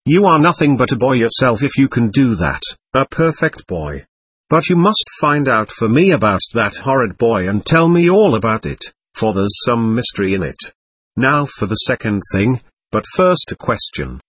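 A man's voice: mid-range voice, sing-song, normal speed, a bit bright, breathy edge, no room sound. A man reading the part of an impetuous, imperious teenage girl who gives urgent, bossy orders. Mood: scolding.

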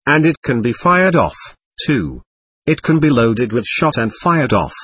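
A man's voice: medium pitch, sing-song, measured pace, fairly bright tone, husky, no echo, exaggerated voice. A man doing a solemn, boastful schoolboy. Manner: solemn, showing off.

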